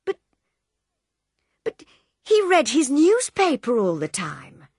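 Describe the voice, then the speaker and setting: A woman's voice: sits high, wildly swooping pitch, slow pace, darkish tone, no echo, clean studio sound, pitched above the performer's own voice, exaggerated voice. A woman voicing an upset young husband on a train, pleading and agitated.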